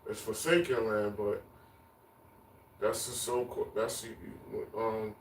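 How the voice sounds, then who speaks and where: A man's voice: on the low side, steady tone, measured pace, slight background noise. A man preaching on the street, emphatic and repetitive, chanting lists of words. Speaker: street teacher. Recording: echoey, distant mic, faint ambience.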